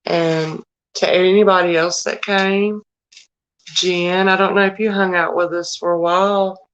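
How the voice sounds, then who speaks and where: A middle-aged woman with a Southern drawl hosts a live stream, chatting with her viewers by name. She talks at an easy, unhurried pace in a somewhat low voice, homey and conversational. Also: level tone, clear, resonant tone, dull audio. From United States. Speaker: livestream host. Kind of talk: casual live-stream chat.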